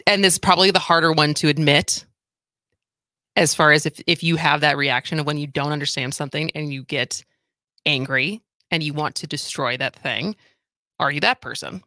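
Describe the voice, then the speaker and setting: A woman hosts a radio talk show with a bright, sharp edge to her voice, speaking straight to the listeners with energy. The sound is dry and close to the mic. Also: low-pitched, normal speed, no echo.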